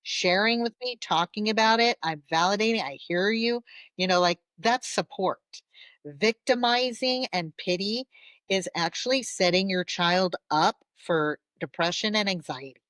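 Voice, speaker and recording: A woman therapist speaking as a guest in a podcast interview. She talks in an animated way, acts out the voices of parents, and often checks in with "'kay?". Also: mid-range voice, moderate pace, dry recording.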